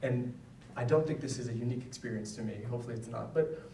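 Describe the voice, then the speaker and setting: A man's voice: medium pitch, quick pace, vocal fry, mellow, slight background noise. A man, a psychologist, giving a conversational talk to parents with personal stories, often checking in with "right?". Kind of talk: public lecture with personal stories. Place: school event hall. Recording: roomy, distant mic, faint ambience.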